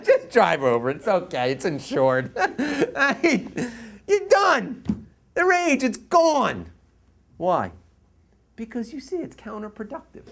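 A man from the US East Coast teaching through a story. His pitch swings widely from low to high as he acts out scenes. He laughs often and pulls the listener into the story. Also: wildly swooping pitch, takes it slowly, fairly bright tone. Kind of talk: storytelling lecture.

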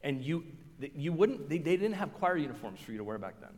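A man preaching a sermon as pastor, telling stories in a lively way and acting out the voices of the people he quotes. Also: fairly high pitch, a little fast, in a large hall. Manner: animated storyteller, acts out quoted voices, self-restarting.

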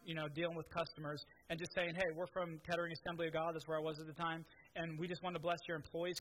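A man's voice: a little high, a bit bright, slight background noise, rough recording. A man preaching a sermon, telling stories in a conversational way with many restarts. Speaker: pastor.

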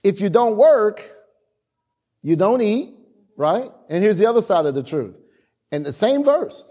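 A man's voice: sits high, measured pace. A man preaching a sermon and telling stories from his marriage, acting out his own lines and calling on the congregation to answer. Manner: animated storytelling with acted-out quotes; calls for responses from the congregation. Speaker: pastor.

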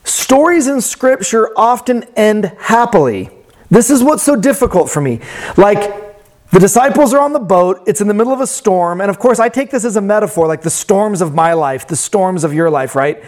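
A man preaching a sermon in a reflective way that turns animated when he tells a story. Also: high-pitched, moderate pace. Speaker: pastor.

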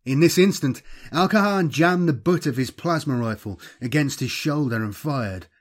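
A man narrating a dramatic action story in a measured, steady reading voice. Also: fairly high pitch.

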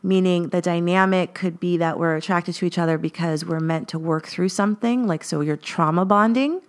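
A woman's voice: lowish voice, normal speed. Podcast host, female, earnest and reflective, casual confessional talk. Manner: earnest, lots of fillers, rising emphasis.

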